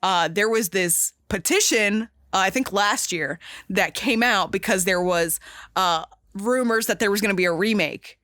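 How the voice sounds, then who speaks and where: A woman's voice: medium pitch, normal speed, a bit bright, dry recording, studio quality. A woman hosting a podcast in casual chat, talking emphatically and gushingly with many fillers and restarts. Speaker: podcast host.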